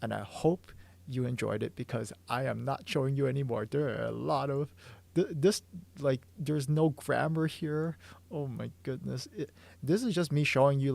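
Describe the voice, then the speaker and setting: On a drawing livestream, a manga artist with a mid-range, darkish voice thinks aloud as he works. He's eager and keeps stumbling into restarts, and he sounds hoarse from losing his voice.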